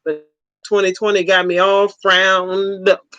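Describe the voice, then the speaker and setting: A livestream host in their forties, chatting in a relaxed, easygoing way. They chuckle often and toss out short, repeated replies. The sound is close and dry, with no room echo. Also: mid-range voice, unhurried, smooth, muffled recording. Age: 40s. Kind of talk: casual livestream chat.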